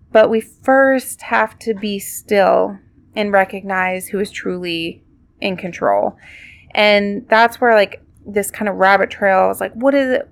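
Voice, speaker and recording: A podcast host gives a casual devotional talk, reflective and conversational with many fillers. Her voice is medium-pitched with vocal fry.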